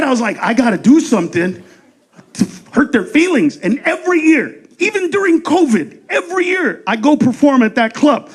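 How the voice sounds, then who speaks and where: A man doing stand-up comedy on stage into a handheld mic, loud, profane and punchy. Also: very high-pitched.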